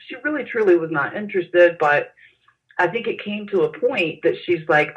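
A woman recalling events in an interview, speaking haltingly with frequent pauses and fillers. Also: fairly low pitch, animated. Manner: hesitant, halting with many fillers. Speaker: interview guest. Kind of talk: personal recollection in an interview. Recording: dull lo-fi sound.

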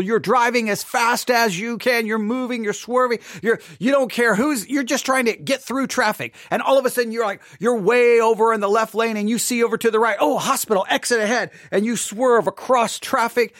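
A man's voice: high voice, fairly bright tone, no room sound, clean studio sound. A man hosting a podcast, telling a dramatic illustrative story and then giving impassioned commentary. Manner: dramatic storytelling, acting out scenes. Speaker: podcast host.

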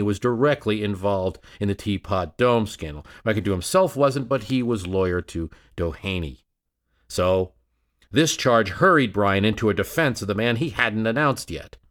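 A man with a fairly low voice tells a history story as scripted narration. He builds drama through rhetorical questions and shifts his emphasis as he goes. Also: normal speed.

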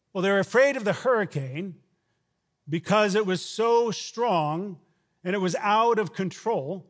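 A man preaching a sermon who shouts out quoted lines and then drops to a low, quiet delivery. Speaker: pastor.

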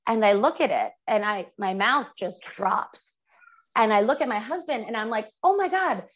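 A woman's voice: mid-range voice, lively intonation, moderate pace, a bit bright, dull audio. A woman guest on an interview podcast, vividly retelling a personal story with lots of fillers.

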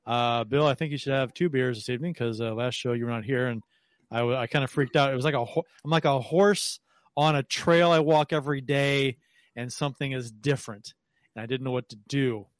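A man's voice: medium pitch, a little fast, no echo. A man co-hosting a casual podcast, teasing his co-hosts with plenty of restarts. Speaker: podcast co-host. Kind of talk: casual chat.

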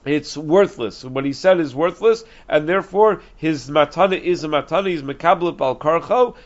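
A man teaching a Talmud lesson, explaining quickly and reasoning aloud with frequent restarts, dropping in Aramaic and Hebrew terms. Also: on the high side. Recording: dull lo-fi recording.

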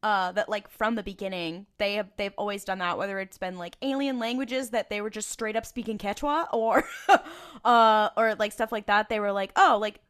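A woman co-hosting a casual group discussion, talking in an animated, rambling way with lots of fillers. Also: mid-range voice, normal speed, clean tone. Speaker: podcast co-host.

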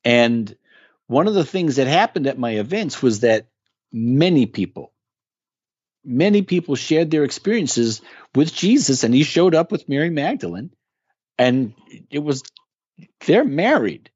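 A man's voice: mid-range voice, big pitch swings, unhurried, a little mellow, breathy edge, dry recording, dull audio. A man talking as a guest in a casual interview, explaining with earnest emphasis. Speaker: guest musician.

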